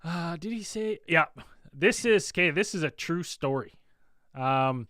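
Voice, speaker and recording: Casual male host, crisp bright tone, dry booth sound, lots of ums. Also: on the high side, lively intonation, unhurried, no room sound. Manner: laid-back, filler-heavy, reading chat. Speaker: podcast host. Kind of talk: casual chat.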